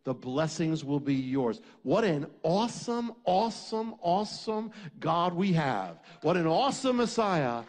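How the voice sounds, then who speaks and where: Man preaching, high-pitched and animated, building emphatic repeated phrases. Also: a little slow, hardly any pauses. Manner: emphatic, repetitive preaching cadence. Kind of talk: sermon.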